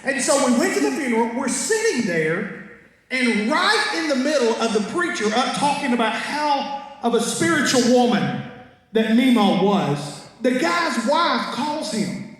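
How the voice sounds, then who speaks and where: A stand-up comedian with an extremely high, sing-song, fairly bright voice tells folksy stories with punchlines and asides to a live crowd, at a measured pace. He's on a stage mic in a large concert hall, recorded from far back in the audience with lots of echo.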